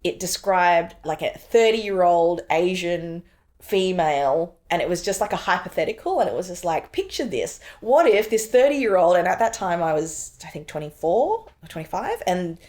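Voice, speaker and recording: Animated woman in conversation. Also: lowish voice, moderate pace. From Australia. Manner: animated storytelling, acts out her past reactions; frequent fillers like "like" and "you know". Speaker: interview guest, filmmaker and actor. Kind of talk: casual interview conversation.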